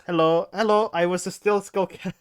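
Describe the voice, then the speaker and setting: A man streaming a game live, chatting to viewers with frequent laughter and excitable outbursts. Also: high-pitched, slight background noise. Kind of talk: live gameplay commentary.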